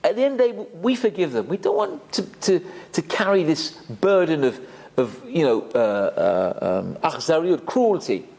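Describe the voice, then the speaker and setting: A man's voice: a little high, big pitch swings, normal speed, creaky, a little mellow. A man giving an emphatic Torah class, dropping Hebrew terms into his talk. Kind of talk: sermon. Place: community synagogue hall.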